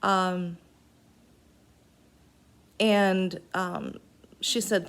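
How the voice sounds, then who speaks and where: Halting, earnest woman telling a story. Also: mid-range voice. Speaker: storyteller recounting a personal event. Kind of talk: unscripted personal narrative.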